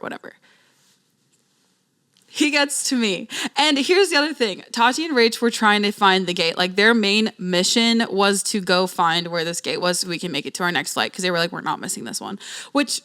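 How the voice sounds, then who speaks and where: A young woman hosting a podcast, telling a travel story in a chatty, slangy, animated way. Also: mid-range voice. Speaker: podcast host. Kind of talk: casual storytelling.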